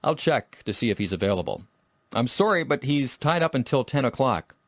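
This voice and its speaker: A man reading lines of a scripted practice dialogue, clear and slow. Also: mid-range voice, sing-song, no room sound.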